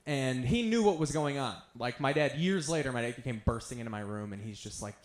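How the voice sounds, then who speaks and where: A man's voice: medium pitch, animated, fairly quick, hardly any pauses, reverberant. A man in his thirties doing stand-up, telling stories about himself in an offhand, self-mocking way. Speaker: stand-up comedian. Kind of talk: stand-up storytelling.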